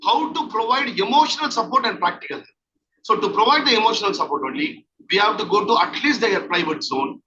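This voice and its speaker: A man gives a training lecture in a high, sharp, forceful voice, explaining patiently and repeating his key points. He sounds distant from the mic, and the recording is dull and lo-fi with a faint hiss underneath. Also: lively intonation, fast. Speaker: counselling trainer.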